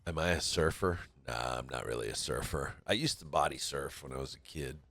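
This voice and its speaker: A man's voice: very deep voice, fairly quick, a bit bright, dry recording, soft background music. A man from California giving laid-back, chatty commentary on a pool match, often laughing as he talks. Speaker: stream commentator.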